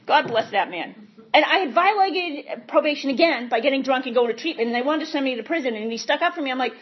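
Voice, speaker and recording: Husky high-voiced woman. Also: quick pace. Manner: candid, animated storytelling with laughs. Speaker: speaker sharing recovery story. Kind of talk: personal testimony talk. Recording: muffled lo-fi recording.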